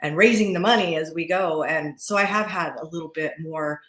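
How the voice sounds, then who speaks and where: A woman in her forties, a podcast guest talking casually, chatty and quick to laugh, often restarting and repeating words. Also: low voice, a bit bright, reverberant. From Utah. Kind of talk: casual interview talk. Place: podcast studio.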